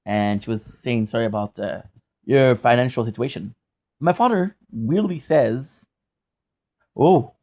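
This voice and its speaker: A man's voice: mid-range voice, normal speed, a little mellow. A young man chatting casually in a vlog from his apartment, rambling with restarts and casual swearing. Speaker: gaming vlogger. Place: hot apartment.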